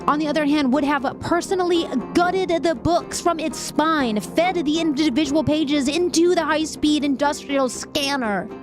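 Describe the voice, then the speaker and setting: High-voiced woman streamer, animated and emotional. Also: moderate pace, hardly any pauses, music in the background. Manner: emotional, frequently laughing and venting; reads articles aloud with asides. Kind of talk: live-stream news commentary, chatting with viewers.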